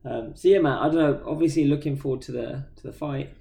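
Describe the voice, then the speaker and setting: A tired man tells stories on a podcast in slangy casual chat. His voice is dark and gravelly with creaky fry, and he drops into playful impressions of the people he quotes. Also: medium pitch, quick pace. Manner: laid-back storyteller, slangy, acts out quotes. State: tired, yawning. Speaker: podcast co-host.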